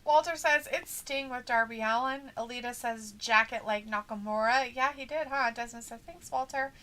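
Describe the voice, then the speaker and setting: A woman with a bright, fairly high voice chats casually, reading out viewer comments. She teases and giggles as she goes, keeping things light and playful. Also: normal speed. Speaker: co-host of a wrestling watch-along stream.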